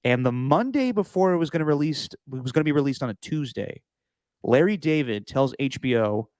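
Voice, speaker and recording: A man co-hosting a podcast in casual chat, enthusiastic and quick to laugh. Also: medium pitch, expressive, darkish tone, dry recording. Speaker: podcast co-host.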